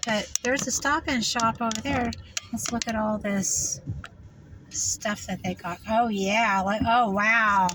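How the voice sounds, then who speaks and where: A woman narrating her drive in hushed, shocked exclamations from inside a car. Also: on the high side, steady tone, slow pace, distant mic. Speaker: vlogger. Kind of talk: driving commentary. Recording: clear road noise in car. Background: road and vehicle noise.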